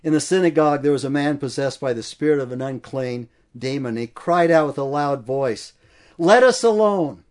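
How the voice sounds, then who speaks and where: A man's voice: medium pitch, fairly even intonation, a little fast, few pauses, darkish tone. A man preaching an expository sermon with emphasis, stacking repeated phrases as he builds each point.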